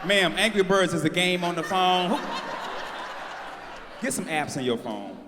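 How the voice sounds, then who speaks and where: A man in his forties doing brash live stand-up with crowd work, shouting out his punchlines. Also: high-pitched, lively intonation, measured pace, background noise. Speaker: stand-up comedian. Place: large live venue on stage. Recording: live house mix with long hall reverb.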